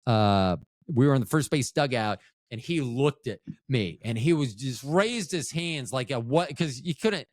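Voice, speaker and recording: A middle-aged man recovering from a stroke hosts a podcast, speaking in an expressive mid-range voice at an unhurried pace with few pauses. His monologue is rambling, profane, and self-interrupting, and it often loses its thread.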